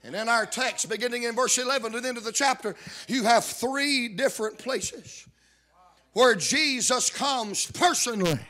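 A man preaching a sermon, repeating call-outs to the congregation and rising into shouted emphasis. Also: very high-pitched. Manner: builds to shouted emphasis, calls out "are you listening".

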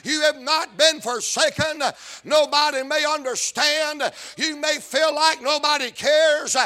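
High-voiced shouting preacher man. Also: fairly even intonation, measured pace. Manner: chanting, shouted sing-song preaching. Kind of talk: sermon.

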